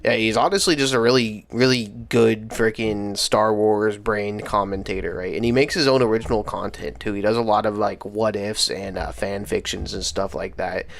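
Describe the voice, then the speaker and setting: A man's voice: lowish voice, fairly even intonation, moderate pace, creaky, hardly any pauses. A young man hosting a livestream, talking casually with slang and lots of fillers. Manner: laid-back slangy talk with many fillers. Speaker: livestream host. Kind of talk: casual stream chat.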